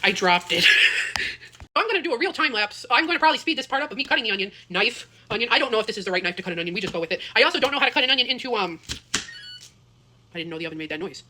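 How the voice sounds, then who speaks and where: A woman's voice: a little high, huge pitch swings, racing, pushed and bright, a little hiss or hum. A young woman chatting casually while cooking in her home kitchen, rambling and self-deprecating as she drifts off topic. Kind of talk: casual cooking vlog chat.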